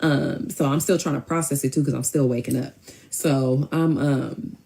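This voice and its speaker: A young woman casually telling a personal story, rambling and animated. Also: rumbling low, normal speed, creaky. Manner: rambling, animated, switches into quoted voices.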